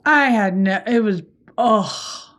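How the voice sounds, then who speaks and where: A woman's voice: medium pitch, slow, fairly bright tone. A woman co-hosting a podcast in a casual chat, laid-back and blunt, swearing and laughing along. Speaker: podcast co-host.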